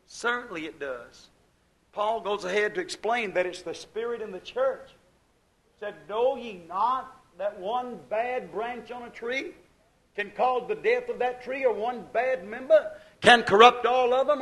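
A man preaching a sermon, rising to loud bursts and dropping to a hush. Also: very high-pitched, normal speed. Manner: preaching with sudden loud bursts and hushed drops.

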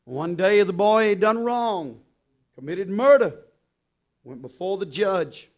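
A man preaching a sermon, impassioned and urgent, then dropping to quiet low passages. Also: animated, slow.

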